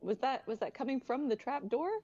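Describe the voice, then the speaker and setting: A woman's voice: high-pitched, fairly quick, mellow, no room sound. A woman playing a tabletop game, chatty and keen on the rules. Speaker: player. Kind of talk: casual tabletop play. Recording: dull lo-fi mic.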